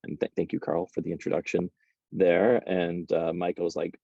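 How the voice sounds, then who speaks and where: A man, a guest entrepreneur, telling his story in a casual interview, animated and repeating words as he starts. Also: low-pitched, fairly quick, vocal fry, no room sound, highs cut off.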